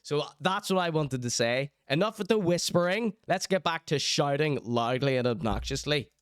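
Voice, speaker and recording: A man's voice: a little high, expressive, normal speed, smooth, dry recording. Teasing man streaming commentary. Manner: teasing, chatty, mock-outraged asides. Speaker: streamer reacting to clips. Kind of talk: casual live-stream commentary.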